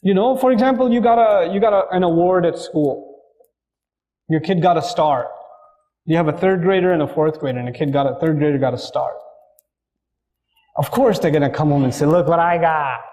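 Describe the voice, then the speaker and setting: Guy preaching about parenting, higher voice, mellow tone, acts out little dialogues. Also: brisk, pauses often, rough recording. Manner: lively, acts out family dialogues. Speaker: Islamic speaker. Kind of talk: religious talk on parenting.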